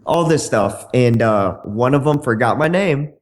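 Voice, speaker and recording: A man's voice: mid-range voice, lively intonation, measured pace. A man, a podcast guest and dating coach, telling brash, bawdy stories in a casual way. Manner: brash, bawdy, acts out dialogue in shifting voices. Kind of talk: casual anecdote storytelling.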